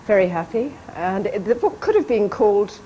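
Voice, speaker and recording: A woman's voice: medium pitch, sing-song, brisk, highs cut off. An actress being interviewed on a TV chat show, telling amused anecdotes and putting on little voices for the people in her stories. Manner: amused storytelling, playful quoted voices, light laughs. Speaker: actress and guest. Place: TV studio. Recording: archive TV broadcast with faint background noise.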